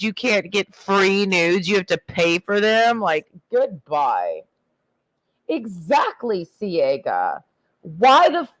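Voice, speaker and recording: A woman's voice: mid-range voice, a bit bright. A woman livestreaming a blunt, crude, rambling rant while tipsy from drinking. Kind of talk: profane ranting livestream monologue.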